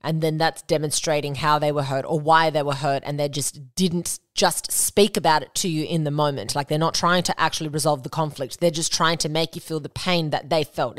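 A woman's voice: low-pitched, steady tone, normal speed, dry recording. Blunt, casual woman podcaster, dry sound. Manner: candid and blunt, swears freely, acts out quoted lines. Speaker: podcast host. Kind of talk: casual solo podcast talk.

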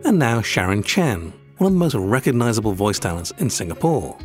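A man's voice: fairly low pitch, big pitch swings, a little fast, faint music behind. A British man hosting and narrating a scripted documentary segment in an explanatory way. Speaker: host and voice-over producer.

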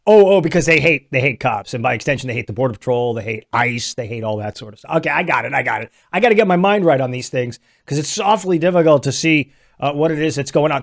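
A man's voice: mid-range voice, lively intonation, fast talker. A man hosting a political commentary show, delivering a sarcastic, mocking opinion monologue.

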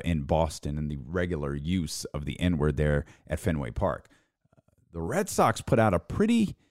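A man's voice: deep voice, a little mellow, no room sound, clean studio sound. A man hosting a solo sports talk show, speaking in a casual, opinionated way with wry, exasperated asides. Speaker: sports talk podcast host.

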